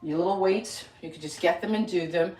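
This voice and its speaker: On this live stream, an older woman with a darkish, low-leaning voice talks a little fast, counting exercise reps and chatting casually about her day. She hosts a lifestyle channel from a mirrored home room, sounding distant in the echo.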